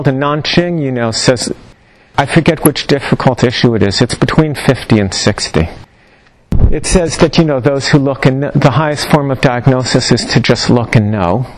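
A man's voice: mid-range voice, slight background noise, rough recording. A middle-aged man teaching a class on Chinese medicine, talking informally, with wry humor and digressions. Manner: chatty storytelling with asides and wry humor.

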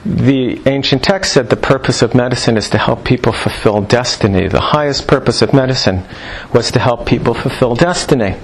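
A man giving a live lecture to practitioners, animated and jokey, firing rhetorical questions at the room. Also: mid-range voice, a little fast, few pauses, slight background noise, rough recording. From New York. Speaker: lecturer on Chinese medicine.

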